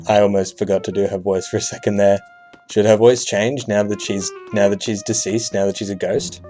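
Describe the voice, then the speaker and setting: A man's voice: fairly low pitch, level tone, a little fast, mellow, faint music behind. A man hosting a let's play, giving casual, joking, irreverent commentary.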